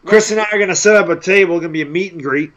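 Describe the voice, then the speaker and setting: A man's voice: high-pitched, very fast, fairly bright tone, muffled recording. A man co-hosting a casual live sports talk stream, teasing his partner with wisecracks.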